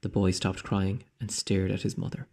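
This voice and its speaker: A man teacher reading a children's storybook aloud slowly, dropping into dramatic whispers. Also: deep voice, monotone, a little mellow.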